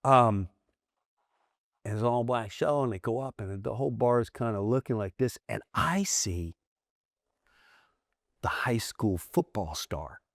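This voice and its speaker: A middle-aged American man, a comedian guest on a podcast, telling candid stories in animated bursts with restarts and acted-out voices. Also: medium pitch, creaky, dry recording, studio quality. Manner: animated storyteller, acts out quoted voices, frequent restarts. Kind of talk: candid storytelling in a long-form interview.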